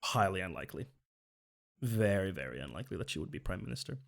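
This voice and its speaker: A man's voice: low voice, sing-song, quick pace, vocal fry. A man from Finland, chatting earnestly as a streamer while reacting to a video, often correcting himself. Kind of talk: casual reaction commentary.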